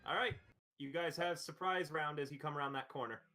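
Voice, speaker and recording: A man's voice: a little high, fairly quick, sharp tone, soft background music. A man narrating as game master, explaining rules with lots of fillers.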